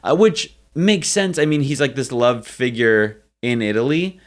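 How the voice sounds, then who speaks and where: A man's voice: medium pitch, animated, measured pace. Chatty young man co-hosting a podcast. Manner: chatty, many fillers, playful asides. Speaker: podcast co-host. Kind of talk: casual chat presenting history.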